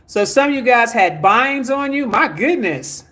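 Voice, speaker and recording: A man's voice: very high-pitched, moderate pace, pushed and bright. A man hosting a spiritual livestream, reading out viewer comments and urging people to like, share and donate. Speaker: spiritual teacher.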